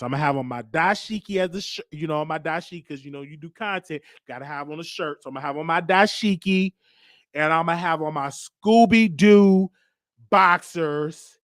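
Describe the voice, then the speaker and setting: A man hosting a show, telling a comic story in a lively, joking monologue. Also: dry recording, clean studio sound. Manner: animated storytelling, jumping into high voices for others. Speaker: host. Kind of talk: comedic monologue.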